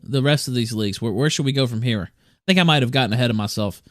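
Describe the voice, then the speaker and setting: A man's voice: mid-range voice, fast talker, a bit bright, dry recording, studio quality. A man hosting a livestream, talking casually, reading chat messages aloud and often breaking into chuckles. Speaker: livestream host.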